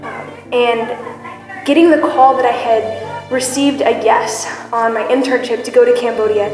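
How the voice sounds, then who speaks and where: A woman's voice: fairly high pitch, steady tone, a little slow, a little mellow. Young woman sharing her testimony in a church. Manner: earnest, candid, with frequent fillers. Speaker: church member giving testimony. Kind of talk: personal testimony. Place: church hall. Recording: echoey church hall with music.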